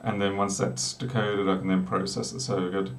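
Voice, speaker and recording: A man's voice: deep voice, little pitch movement, a little fast, slight background noise. Australian man, distant mic in echoey room. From South Australia. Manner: rambling, joking asides while typing. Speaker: programmer live-streaming. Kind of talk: casual live coding chat. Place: small room with a door.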